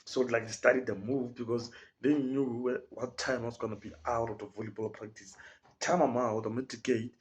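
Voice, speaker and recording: A man's voice: mid-range voice, flat delivery, a little fast, slight background noise. A young man with a South African accent, telling a story in a casual podcast chat, full of slang and acting out the people in it. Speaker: podcast guest.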